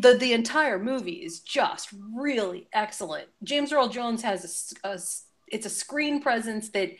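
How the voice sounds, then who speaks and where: A woman on a podcast panel, chatting casually and enthusiastically with some fillers. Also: mid-range voice.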